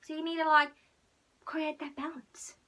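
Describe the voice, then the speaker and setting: A young woman chatting casually to camera as a vlogger, playful and a little croaky, sometimes dropping to a near whisper. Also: high-pitched, level tone, normal speed, bright, forceful tone. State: slightly croaky.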